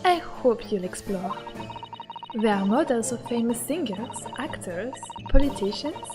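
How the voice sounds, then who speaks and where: A woman putting on a hushed older French waxworks lady. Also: a little high, lively intonation, music in the background. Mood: sinister. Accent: French (put on). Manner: hushed, measured, theatrical. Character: older female French waxworks artisan, macabre.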